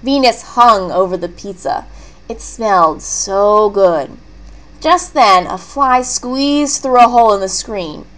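A woman reading a leveled children's book aloud, clear and expressive. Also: mid-range voice, takes it slowly. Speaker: storybook reader.

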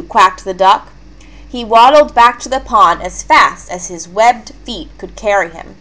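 A woman narrating a children's storybook in a clear, expressive way. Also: medium pitch, a little slow.

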